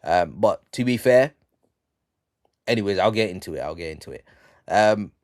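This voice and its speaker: Low-voiced guy going slow through a comic recap, lots of ums and bro, dry mic. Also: clean tone, no room sound. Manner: slangy, reads out quotes flatly, many ums. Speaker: stream host recapping a manga chapter. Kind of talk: casual live-stream recap.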